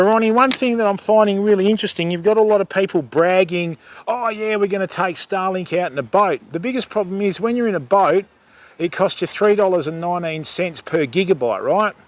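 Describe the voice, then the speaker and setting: A middle-aged Australian man hosting a fishing livestream outdoors by a river, chatting casually with viewers and calling them mate. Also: high voice. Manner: chatty, calls viewers mate and lovey, rambling asides. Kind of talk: casual live chat with viewers.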